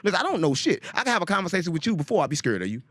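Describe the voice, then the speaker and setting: A man from St. Louis, a guest in casual conversation, talking in an animated, profane, preaching and storytelling way. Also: high voice, rapid-fire, no echo. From St. Louis, USA.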